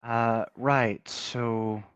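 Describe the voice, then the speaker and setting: A man's voice: medium pitch, fairly even intonation, extremely slow, clean tone, no echo. A man playing a tabletop game, talking in a hesitant way with many fillers and restarts. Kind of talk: casual game chat.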